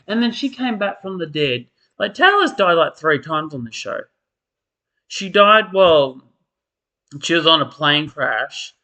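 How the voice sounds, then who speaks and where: A man's voice: on the high side, sing-song, a little slow, pushed and bright. A man, perhaps, ranting in casual commentary, tired and exasperated, with mocking impressions of characters. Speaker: soap opera commentator.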